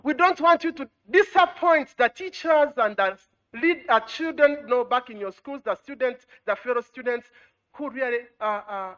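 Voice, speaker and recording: High-voiced woman exhorting students. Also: fairly bright tone, lo-fi sound. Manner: exhorting, repetitive, with rhetorical questions; frequent "you know" fillers. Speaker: education ministry official. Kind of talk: formal address to students.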